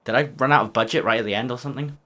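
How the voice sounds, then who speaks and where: A man's voice: mid-range voice, racing, pushed and bright. A man making casual, self-mocking reaction commentary on his own old video. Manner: self-mocking, wry asides.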